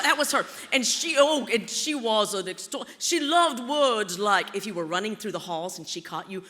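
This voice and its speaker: Woman keynote storyteller; bright, animated, playful, in a large hall with long reverb. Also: a little high, a little hiss or hum. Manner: theatrical, playful, teasing the audience. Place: large auditorium.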